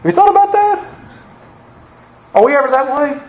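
A man's voice: very high voice, lively intonation, normal speed, roomy sound, highs cut off. A man preaching a sermon, quoting scripture with an emphatic, rising cadence.

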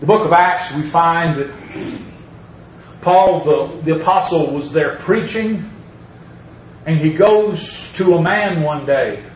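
A man's voice: a little high, slow pace, roomy sound, recorded from a distance, a little hiss or hum, poor audio. A man preaching a sermon, reading scripture aloud and driving points home by repeating them. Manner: emphatic, repeats phrases, reads scripture aloud.

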